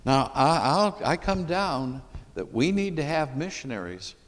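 A man preaches a sermon with an animated, rising-and-falling delivery, firing questions at his congregation. His voice carries a long reverb from a large hall. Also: a little high, unhurried. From Michigan, USA. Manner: emphatic, puts questions to the congregation.

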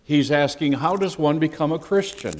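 A man, a pastor, teaching a sermon in an animated, emphatic and conversational way. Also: a little high, moderate pace, in a large hall.

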